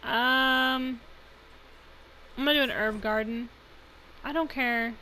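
A woman's voice: high voice, fairly even intonation, slow pace, pushed and bright, a little hiss or hum, rough recording. A young woman giving chatty, rambling let's play commentary, laughing often. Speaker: gaming channel host.

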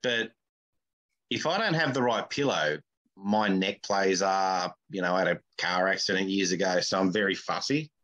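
A man co-hosting a comedy podcast, chatting casually in a blunt, crude, deadpan way. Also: low-pitched, normal speed. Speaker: podcast co-host.

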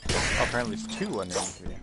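A man with a Canadian accent playing a game with friends, making relaxed, matter-of-fact callouts. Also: fairly low pitch, rapid-fire, rough recording. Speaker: co-player. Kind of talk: casual gaming chat.

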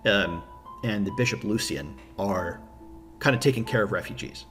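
A man's voice: fairly low pitch, moderate pace, fairly bright tone, soft background music. A man acting as a game master, casually recapping his tabletop campaign with enthusiasm and rambling fillers.

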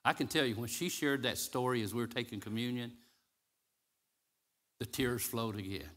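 A man preaching a sermon as interim pastor in a church, moving from loud, rising declamation to soft, hushed storytelling, slowing to stretch key phrases. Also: mid-range voice. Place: church sanctuary.

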